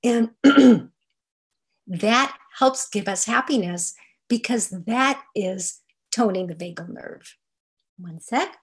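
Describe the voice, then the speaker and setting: An older woman giving an online lecture over slides, explaining in a soft, unhurried way. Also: mid-range voice, slightly rough. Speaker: movement teacher.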